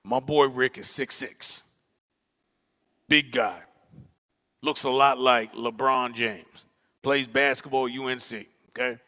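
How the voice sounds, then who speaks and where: A man from Newark, New Jersey, performing an animated, slangy comic storytelling monologue to an audience in a large auditorium. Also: mid-range voice. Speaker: spoken-word performer. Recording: auditorium with long reverb.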